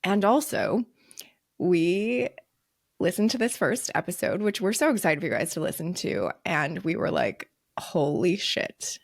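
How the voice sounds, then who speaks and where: A woman's voice: fairly low pitch, expressive, moderate pace, gravelly, no echo, studio quality. A young American woman co-hosting a podcast, chatty and bubbly, with lots of fillers. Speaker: podcast co-host. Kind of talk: casual chat.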